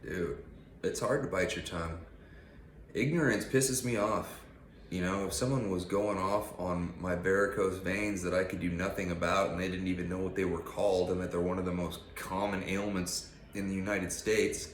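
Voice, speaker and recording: A man's voice: low-pitched, steady tone, moderate pace, roomy sound, a little hiss or hum. A man giving a casual, blunt and profane motivational rant on his channel. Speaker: vlogger.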